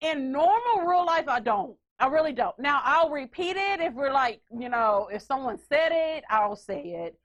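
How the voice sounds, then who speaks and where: A woman's voice: high-pitched, sing-song, moderate pace, hardly any pauses, muffled recording. A woman hosting a podcast in casual chat, brash, joking and profane. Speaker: podcast host.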